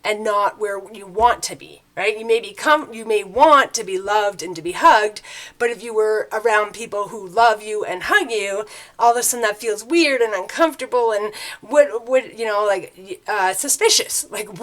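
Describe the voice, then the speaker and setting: A woman's voice: medium pitch, normal speed, a bit bright. A woman giving a casual, rambling spiritual talk as a tarot reader, often checking in with her listeners by asking "right?". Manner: chatty, loose and rambling, with frequent tag questions.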